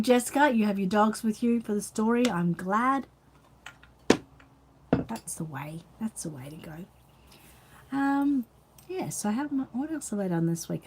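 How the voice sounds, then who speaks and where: A woman's voice: mid-range voice, darkish tone, a little hiss or hum. An Australian woman hosting a casual live chat, rambling and reading out viewer comments while tired and yawning. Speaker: channel host.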